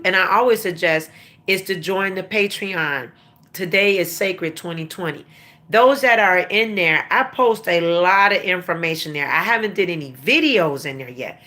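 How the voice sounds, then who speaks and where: A woman talks casually on a phone livestream about spiritual practice. Her voice is bright and forceful, sitting low in pitch. Her speech is loose and chatty, with restarts as she goes along. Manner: chatty, breaks off to talk to family off camera. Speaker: spiritual teacher hosting a livestream. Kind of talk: casual live-stream talk.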